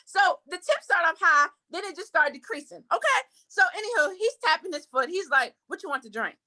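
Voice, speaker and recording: High, bright-voiced woman telling a story. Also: a little fast. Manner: animated, quotes people in put-on voices. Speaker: podcast host. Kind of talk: casual storytelling chat.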